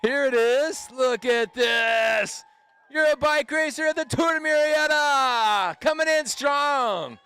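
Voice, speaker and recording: A man calling a street bike race live outdoors, excited and playful, cheering the riders on. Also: very high-pitched, measured pace, hardly any pauses, raised voice. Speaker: race announcer.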